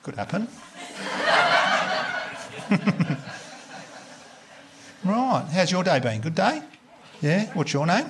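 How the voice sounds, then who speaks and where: A man's voice: high voice, sing-song, extremely slow, long pauses, background noise. An Australian man doing a live stand-up set, chatty and laughing as he teases the crowd. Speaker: stand-up comedian.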